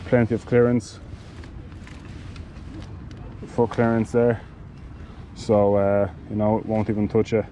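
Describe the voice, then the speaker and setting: Man, cycling gear reviewer, monotone delivery, halting with restarts, faint background noise. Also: fairly low pitch, low-quality recording. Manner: halting, with many fillers and restarts. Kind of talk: casual product demonstration.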